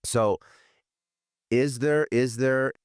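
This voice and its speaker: A man's voice: medium pitch, steady tone, drawn-out words, smooth, dry recording, studio quality. A man hosting a podcast, asking long, thoughtful, winding questions. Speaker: podcast host. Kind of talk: interview questions.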